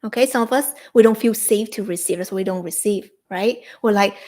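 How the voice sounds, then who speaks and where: A young adult woman hosting a live-streamed spiritual coaching talk, leading soothing repeated affirmations with bursts of excitement. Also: on the high side, a little fast, few pauses.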